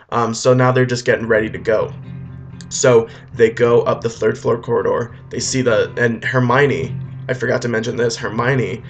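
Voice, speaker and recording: A man retelling a film as a rambling comedy story, full of deadpan asides and fillers. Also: mid-range voice. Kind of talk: comic retelling over music. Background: faint guitar music.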